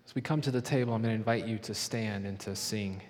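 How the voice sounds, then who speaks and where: A middle-aged man preaching a sermon in a church, earnest and slowing down to soften his voice for emphasis. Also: fairly low pitch, a little hiss or hum. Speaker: pastor. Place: church sanctuary. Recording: long reverb of a large hall.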